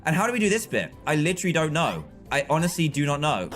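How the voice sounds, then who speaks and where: A man streaming live gameplay with excitable, frustrated commentary, often yelling at the game. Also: a little high, fast, soft background music.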